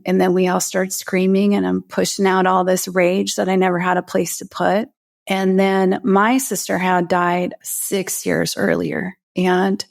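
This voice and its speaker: This is a woman sharing a personal story in a podcast interview. Her voice sits at a middle pitch. She talks openly and emotionally and often doubles back mid-sentence. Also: vocal fry. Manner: heartfelt, emotional, many restarts. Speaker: guest, breathwork facilitator.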